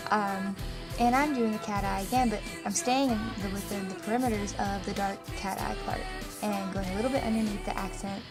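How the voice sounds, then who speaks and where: A young woman casually narrating a makeup tutorial, rambling a bit with ums and self-corrections. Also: mid-range voice. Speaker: makeup vlogger. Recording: music playing underneath.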